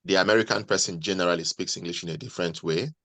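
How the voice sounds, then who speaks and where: A man, a guest on a video call, giving measured, deliberate advice to nurses. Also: low-pitched, fairly bright tone, dry recording. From Nigeria.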